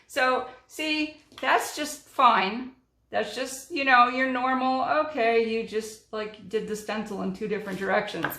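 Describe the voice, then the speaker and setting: Unhurried middle-aged woman in an echoey room. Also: medium pitch, vocal fry, a bit bright. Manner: chatty, narrates while working, many ums. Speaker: card-making crafter. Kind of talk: crafting tutorial chat.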